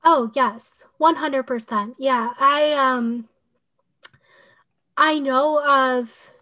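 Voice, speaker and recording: A woman's voice: high-pitched, drawn-out words, sharp tone. A woman who works as a human design coach, talking casually in a podcast conversation. Her speech is rambling and full of "like" and "you know", with an occasional sarcastic aside.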